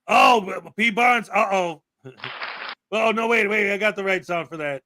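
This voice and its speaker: A man's voice: high voice, a little slow, sharp tone, slight background noise. A man hosting a casual livestream commentary show, chatty, with frequent fillers and laughs. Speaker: livestream host.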